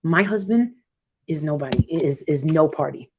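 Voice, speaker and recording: A woman's voice: deep voice, expressive, normal speed, darkish tone, a little hiss or hum. A woman hosting a livestream, chatting bluntly with callers, swearing freely and acting out quoted dialogue. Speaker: livestream host. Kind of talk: casual livestream chat with callers.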